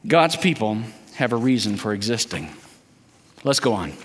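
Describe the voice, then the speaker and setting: A man's voice: lowish voice, sing-song, normal speed, husky, long reverb tail. A man preaching a sermon as a guest preacher, leading the congregation in call-and-response statements.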